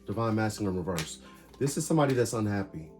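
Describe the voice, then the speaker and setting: Low-voiced man reading tarot cards. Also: fast, over music. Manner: talks through cards in short bursts, animated and emphatic. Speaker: tarot reader.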